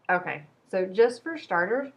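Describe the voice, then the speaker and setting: A woman's voice: mid-range voice, very noisy. A woman hosting a casual book review video, chatty and rambling, poking fun at herself. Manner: chatty, rambling, self-deprecating. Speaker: book vlogger.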